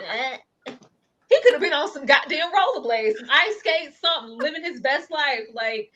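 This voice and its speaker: Lively high-voiced woman laughing through a review. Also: normal speed, lo-fi sound. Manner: animated, laughs often, acts out characters. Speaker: co-host of a TV review show. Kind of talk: casual review chat.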